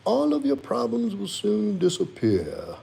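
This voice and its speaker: A man voicing his small female pet dog in a high, slow, sing-song baby voice as it says polite good-nights. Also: huge pitch swings, creaky, dark tone, slightly rough, heavily acted. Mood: sweet.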